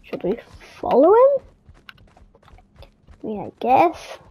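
High-voiced jumpy woman gamer. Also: huge pitch swings, slow pace, lo-fi sound. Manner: jumpy, startled exclamations. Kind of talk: casual horror game commentary.

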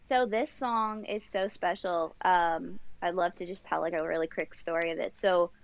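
A woman's voice: on the low side, steady tone, moderate pace, gravelly. A woman, a band singer, chatting as an interview guest and telling a story with gushing enthusiasm. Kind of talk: casual interview chat. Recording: dull lo-fi sound.

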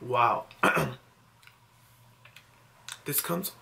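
A man's voice: mid-range voice, expressive, extremely slow, creaky, pushed and bright, slight background noise. A young man vlogging at home late at night, overwhelmed and teary with disbelief, just woken up. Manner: overwhelmed, emotional, breathless disbelief. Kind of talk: late-night excited selfie vlog.

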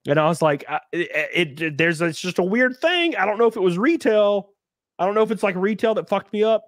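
A man's voice: sits high, expressive, fast, no room sound, clean studio sound. A man hosting a podcast, telling stories in a rambling, profane way full of fillers and restarts. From US South. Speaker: podcast host. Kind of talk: casual chat.

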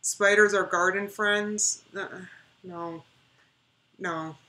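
A chatty woman in her thirties talks straight to her stream audience in a bright, forward voice. She leans on repeated words to make a point and keeps it loose and conversational. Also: medium pitch, fairly even intonation, slow. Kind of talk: casual reaction livestream chat.

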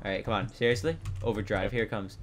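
A young man hosting a gaming video, casually commenting on his own play and yelling at setbacks. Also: fairly low pitch, very fast, faint music behind. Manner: excitable, yells and laughs at setbacks. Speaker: gaming channel host.

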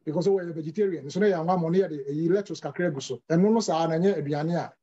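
A high-pitched man with a mellow, dark tone explains diet and health questions patiently, mixing in English terms and sometimes restarting his words. The sound is dull and lo-fi, like a broadcast. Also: quick pace, husky. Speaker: health speaker answering questions.

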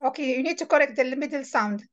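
A woman with a high, light voice guides a beginner through a reading lesson as a tutor. She is patient and repeats each word slowly and clearly so the learner can copy it. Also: lo-fi sound. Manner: patient, repeats words slowly to model pronunciation. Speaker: Arabic tutor.

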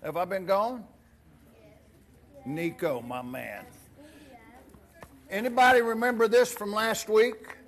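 A man's voice: high voice, slow, long pauses, fairly bright tone. A man serving as pastor gives a playful children's sermon in a church. He asks the kids many questions and reads a storybook aloud. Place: church sanctuary.

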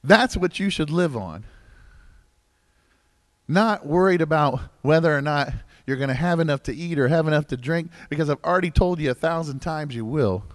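A man preaching as pastor in a church service, conversational and joking, with asides to the congregation and wide swings between loud emphasis and low asides. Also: expressive, normal speed, no room sound. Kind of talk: sermon. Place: church sanctuary.

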